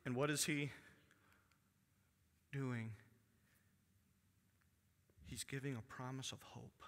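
A pastor preaching a sermon to his congregation. He reads scripture aloud and drops to a hushed voice for emphasis. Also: mid-range voice, fairly even intonation, slow pace. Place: church sanctuary. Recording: long church hall reverb.

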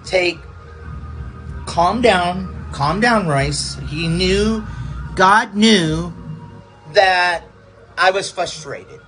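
A man, a pastor, telling a personal testimony in a halting, repetitive way, circling back over the same phrases. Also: high voice, fairly bright tone, faint music behind, rough recording.

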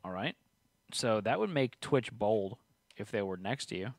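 A man's voice: lowish voice, lively intonation, unhurried. A man hosting a tabletop game stream, reading rules aloud and teasing his co-player. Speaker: game host. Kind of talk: casual tabletop game play.

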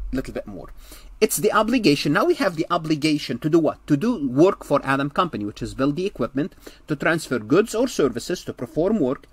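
Husky, lively-pitched male accounting lecturer. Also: no echo. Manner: explains step by step, repeats key points, frequent restarts. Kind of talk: recorded lecture.

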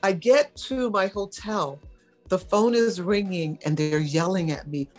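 A woman's voice: lowish voice, a little slow, soft background music. A middle-aged woman from New York, a model telling stories in a casual interview and acting out the voices she quotes. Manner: animated storyteller, acts out quoted voices.

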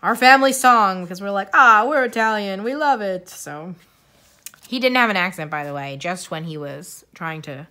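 A woman's voice: lowish voice, a bit bright. A young woman chatting casually to camera as a vlogger, rambling and giggling between thoughts. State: coughing, tiring voice. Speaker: YouTuber.

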